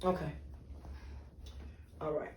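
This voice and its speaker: A man's voice: slow pace, slight background noise. A man co-hosting a casual podcast about faith, exclaiming in reaction and building his points with repeated "right?". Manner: emphatic, exclaims "Lord" and "Jesus" in reaction. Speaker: podcast co-host. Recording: roomy sound, distant from the mic.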